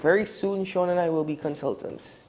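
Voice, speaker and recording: Trinidadian male co-host, casual studio banter, wry and lively. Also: moderate pace, a little hiss or hum. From Trinidad and Tobago. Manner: animated, wry, pitch jumping for emphasis. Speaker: talk show co-host.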